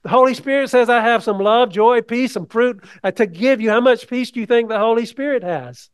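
A man with a very high-pitched, clean voice preaches a sermon fairly quickly. His style is conversational, and he puts questions to the congregation.

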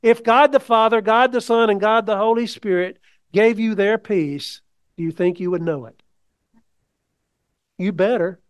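Male preacher, high voice, conversational sermon, questions to the congregation. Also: a little slow, pauses often, smooth.

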